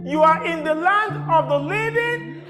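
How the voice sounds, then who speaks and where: A man preaching a sermon, animated, calling out to the congregation and breaking into song. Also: very high voice, measured pace, over music. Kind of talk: sermon with call-and-response singing.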